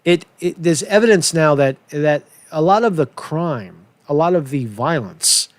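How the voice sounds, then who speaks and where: A man's voice: a little high, expressive, a little slow, no echo. A man hosting a casual political commentary show, rambling and profane with many restarts.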